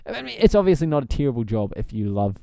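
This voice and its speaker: A man's voice: mid-range voice, very animated, quick pace, creaky, mellow, no room sound, clean studio sound. A man co-hosting a casual podcast, rambling and joking, laughing often. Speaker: podcast co-host. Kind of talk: casual comedic chat.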